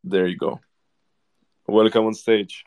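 A man's voice: lowish voice, steady tone, takes it slowly, a little mellow, clean tone. A man hosting an online audio room, welcoming speakers on stage in a friendly way. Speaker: host.

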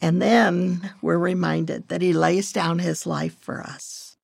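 An older woman giving a devotional teaching, reading scripture in a gentle, measured way. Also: on the low side, steady tone, gravelly, husky, no echo, clean studio sound. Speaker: devotional speaker.

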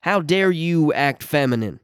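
A man's voice: on the high side, expressive, a little slow, clean tone, no room sound, studio quality, voice pushed up. A man voicing a menacing tough guy who sneers and threatens. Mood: threatening.

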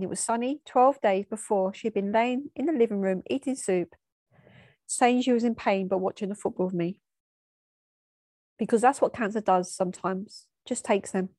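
A woman telling a painful personal memory, tearful and halting, often stopping and restarting. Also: medium pitch, a little mellow, dry recording, studio quality. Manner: halting, emotional storytelling with restarts. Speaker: storyteller. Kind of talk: personal spoken memoir.

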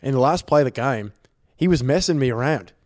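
A man doing an impression of a gruff Australian basketball center with an Australian accent, as a joke in a casual chat. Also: mid-range voice, animated, fairly quick, darkish tone, close to an everyday voice. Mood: cheeky.

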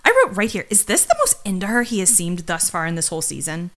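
A woman's voice: on the low side, quick pace. A woman co-hosting a podcast, casually recapping a TV episode with jokey asides and mocking impressions. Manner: animated, jokey, quotes characters in mocking voices. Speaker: podcast co-host.

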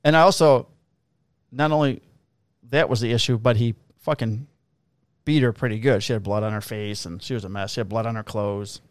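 A man's voice: lowish voice, fairly even intonation, brisk, no echo. A man, a police officer, casually telling profane, laughing stories about his shifts. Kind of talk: casual storytelling on a podcast.

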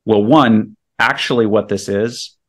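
A real estate investor appears as a podcast guest, speaking in a fairly low, unhurried voice. He explains sales tactics with emphasis, walking through scenarios one step at a time.

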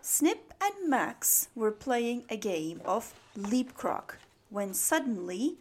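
A woman narrates a children's bedtime story in a slow, soothing way. Her voice is fairly high and moves expressively up and down. She reads for small children drifting off to sleep. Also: sing-song, a little hiss or hum.

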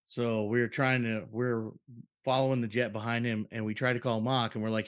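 A man's voice: mid-range voice, flat delivery, a little fast. A man telling military stories in a casual podcast chat, swearing freely and breaking into silly voices.

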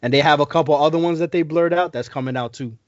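A man in a casual chat, talking in a relaxed, slangy and agreeable way. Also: fairly high pitch, quick pace, no room sound. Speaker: podcast co-host. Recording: dry, slightly dull recording.

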